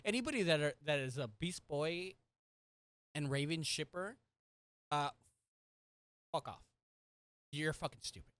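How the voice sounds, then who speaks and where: A woman co-hosting a casual podcast chat, ranting heatedly and swearing often, with loud exasperated outbursts. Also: sits low, expressive, measured pace, pauses often, dry recording. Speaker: podcast co-host.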